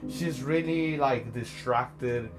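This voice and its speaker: A man's voice: medium pitch, slow pace, noisy background. A man telling a personal story in a casual, conversational way, often checking in with "right?" as a social anxiety coach. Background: background music.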